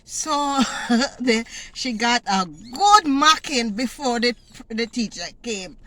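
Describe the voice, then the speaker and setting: A middle-aged woman telling a story in a vlog, animated and often laughing as she talks. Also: on the high side, takes it slowly. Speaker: vlogger.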